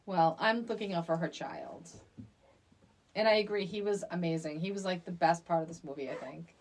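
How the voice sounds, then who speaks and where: A young woman co-hosting a casual movie podcast, talking in an animated, emphatic way with frequent restarts. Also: on the low side, moderate pace. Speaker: podcast co-host.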